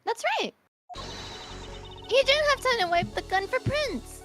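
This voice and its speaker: A woman's voice: very high voice, expressive, measured pace, a bit bright, heavily acted. A woman voicing a cheeky, teasing young girl in a fan-dubbed courtroom game, with game music behind.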